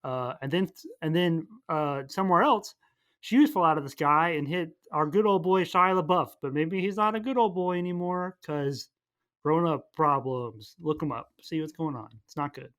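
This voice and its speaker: Young guy podcaster, higher voice, goofy rambling recap, keeps doing dumb little character voices. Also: fairly bright tone. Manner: goofy, acts out characters in quick silly voices. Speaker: podcast co-host. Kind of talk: rambling comedic movie recap.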